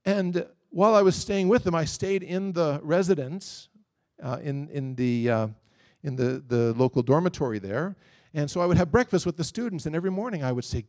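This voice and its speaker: A middle-aged man preaching a sermon, telling a story in a lively way and voicing the people in it. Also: on the high side, fairly quick. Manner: storytelling, animated, quotes others.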